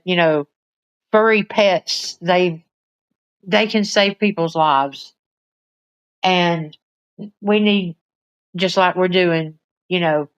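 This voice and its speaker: Here a livestream host talks casually and at length with viewers, pausing to baby-talk her pets in a high voice. She has a clear, resonant tone. The phone recording carries no room sound and sounds muffled.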